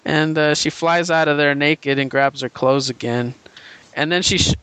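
Bright, clear-voiced man in casual chat. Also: fairly high pitch, normal speed, no room sound. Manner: rambling, enthusiastic retelling with frequent fillers and laughs. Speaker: podcast co-host. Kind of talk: casual comic book chat.

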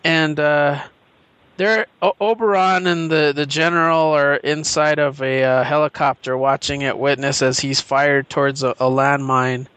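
A man's voice: on the high side, steady tone, measured pace, a bit bright, smooth, dry recording. A man co-hosting a podcast, eagerly retelling scenes in casual chat. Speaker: podcast co-host.

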